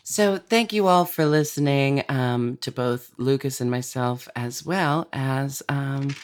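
A man's voice: medium pitch, slow. A man in his thirties hosting a casual interview chat, laughing often and talking with many fillers. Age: 30s. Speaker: podcast host.

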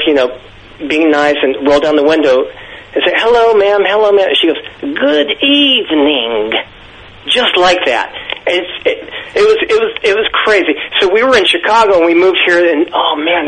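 Male phone caller, nervous, rambling, husky, higher voice. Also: fairly bright tone, poor audio.

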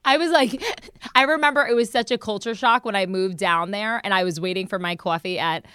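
A woman's voice: medium pitch, a little fast, fairly bright tone, clean tone, no room sound, clean studio sound. A young woman from New Jersey hosting a podcast, chatting casually, swearing now and then and restarting her sentences. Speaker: podcast host. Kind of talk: casual chat.

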